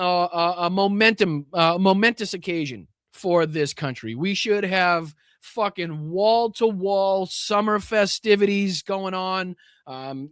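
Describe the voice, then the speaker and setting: Brief: high-pitched New man, sarcastic profane political ranter, laughing a lot. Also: a bit bright, no echo, clean studio sound. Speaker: host of a political commentary stream. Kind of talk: live political rant.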